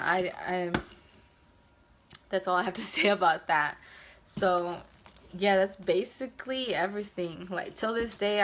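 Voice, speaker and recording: A woman's voice: on the low side, fairly bright tone, slight background noise. A woman in her twenties casually telling a personal storytime, full of fillers and quoted asides. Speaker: vlogger.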